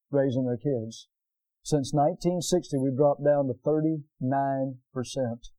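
A man's voice: on the high side, dark tone, no room sound, muffled recording. A man preaching a sermon earnestly, asking his listeners for responses and ending in prayer. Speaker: pastor.

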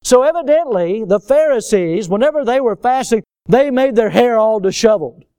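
A male pastor preaching a sermon, swinging between loud emphatic outbursts and low, quiet asides. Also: moderate pace, clean tone, dry recording, clean studio sound. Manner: animated, swings from loud high exclamations to low quiet remarks.

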